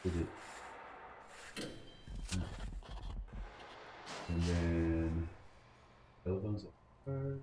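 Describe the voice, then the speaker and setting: Laid-back male gaming host, very low voice, thinking aloud; roomy boom-mic sound over game music. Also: expressive, very slow, long pauses, background noise. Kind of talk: casual game commentary and reading game text. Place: home room at a computer. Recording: echoey room with game music.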